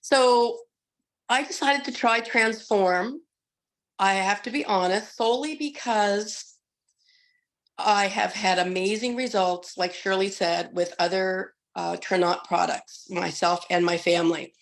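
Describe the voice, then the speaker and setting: A hoarse, middle-aged woman giving a chatty testimonial on a group call, with frequent restarts. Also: medium pitch, measured pace. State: hoarse from being sick.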